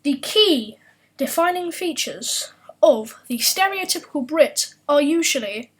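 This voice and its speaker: A woman's voice: high voice, lively intonation, a little slow, rough recording. A woman hosting a comedic culture explainer, delivering a scripted script in a wry, self-mocking tone. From United Kingdom. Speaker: host.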